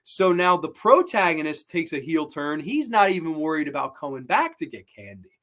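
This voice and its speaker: A man hosting a horror movie review show, chatting casually, swearing freely and retelling scenes with excitement. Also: on the high side, moderate pace.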